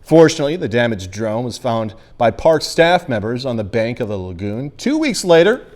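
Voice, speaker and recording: A man's voice: medium pitch, normal speed. Guy anchoring the nightly news, voice bounces up and down a lot, cracks little jokes between stories. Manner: lively, jokey asides between stories. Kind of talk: evening newscast reading.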